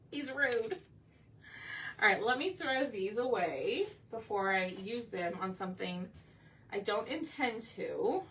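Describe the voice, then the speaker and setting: A woman's voice: medium pitch, lively intonation, takes it slowly, long pauses, fairly bright tone. A woman hosting a casual live painting session, chatting and thinking aloud as she works and asking viewers for their opinions. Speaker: craft painting host. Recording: slightly distant mic with faint background noise.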